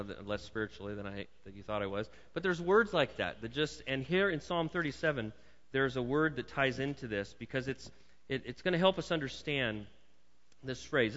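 A man's voice: mid-range voice, fairly bright tone. Male pastor, conversational sermon with jokey asides; dull, reverberant hall sound.

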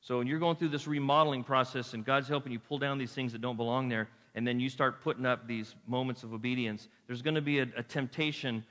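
A man preaching a lively sermon as a pastor, telling stories and acting out voices. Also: mid-range voice, fast, few pauses. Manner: lively storytelling with acted-out voices. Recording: echoey hall.

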